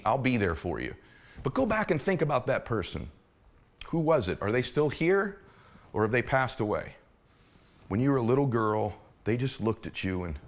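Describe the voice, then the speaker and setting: Middle-aged guy giving a fired-up motivational talk, kinda high voice, goes quiet and intimate then pushes hard. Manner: impassioned, rising and dropping to a hushed intimate tone. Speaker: motivational speaker. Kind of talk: motivational speech to an audience.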